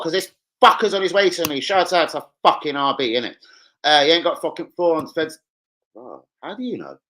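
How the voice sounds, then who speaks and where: A man's voice: fairly high pitch, bright, forceful tone, low-quality recording. A young man with a London accent hosting a casual livestream, swearing freely in laddish banter. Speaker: livestream host. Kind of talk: casual live chat reading comments. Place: home, indoors.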